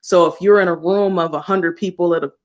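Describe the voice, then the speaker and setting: A woman's voice: fairly low pitch, fairly even intonation, fairly quick, lo-fi sound. A woman card reader chats through a livestream reading in a loose, conversational way. She laughs easily and mixes slang and casual swearing into her guidance.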